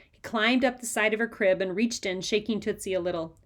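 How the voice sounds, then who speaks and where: A woman reading a children's chapter book aloud with lively, expressive narration. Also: mid-range voice, fairly quick. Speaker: reader. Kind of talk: storybook read-aloud.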